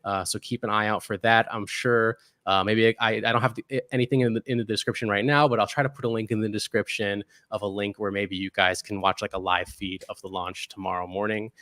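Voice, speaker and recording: A man's voice: fairly low pitch, steady tone, fairly quick, hardly any pauses, fairly bright tone, no room sound. Dry-sounding man hosting a science chat. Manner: hesitant, many fillers, reads out article text. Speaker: podcast host. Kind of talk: casual science news chat.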